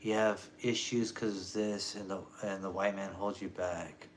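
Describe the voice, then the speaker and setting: A man ranting in a rambling, low-key, muttering monologue. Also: fairly even intonation, unhurried, a little hiss or hum. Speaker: vlogger.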